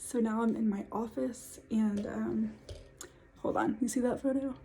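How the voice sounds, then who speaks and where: A woman's voice: on the high side, fairly even intonation, measured pace, warm tone, a little hiss or hum. A woman of twenty-five, telling a personal story to camera in a casual, chatty way from her home office. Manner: chatty, many fillers, laughs often. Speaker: vlogger.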